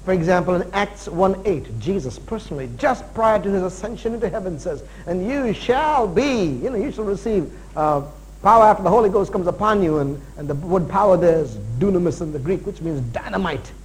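Animated high-voiced male pastor preaching. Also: a little fast, slight background noise, rough recording. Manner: animated preaching with asides and jokes. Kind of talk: sermon.

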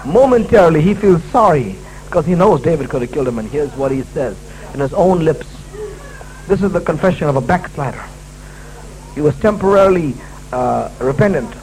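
A man's voice: a little high, animated, a little fast, a little mellow, a little hiss or hum, low-quality recording. A man preaching a sermon at a church service, emphatic and repetitive, restating his key lines.

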